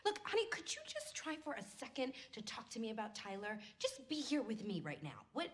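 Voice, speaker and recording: A frustrated, hurt wife. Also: female voice, fairly high pitch, sing-song, a little fast. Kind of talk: film dialogue.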